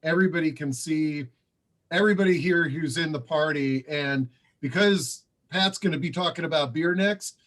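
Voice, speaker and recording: A man runs an online quiz in a friendly, halting way, full of fillers. His voice is a bit higher than most men's. He talks over a video call. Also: a bit bright. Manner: hesitant, many fillers, friendly. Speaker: co-host running the slideshow and quiz. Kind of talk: casual hosting on a video call.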